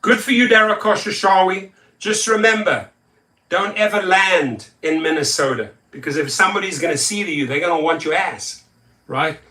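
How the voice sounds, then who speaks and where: A man's voice: high voice, normal speed, pushed and bright, far from the mic. A tired man who drives for rideshare, ranting angrily and sarcastically in a vlog, often repeating himself. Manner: angry, sarcastic, repetitive. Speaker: rideshare driver and video host. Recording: echoey room, off-mic.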